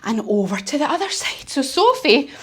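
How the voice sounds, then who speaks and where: A woman's voice: sits high, sing-song, normal speed, fairly bright tone. Lady doing kids yoga storytime, playful and encouraging, sing-song. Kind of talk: storytelling yoga lesson for children.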